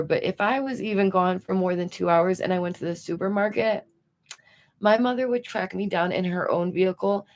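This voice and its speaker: A woman hosting a commentary livestream, talking casually and animatedly to her audience with rhetorical questions. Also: medium pitch. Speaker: commentary streamer.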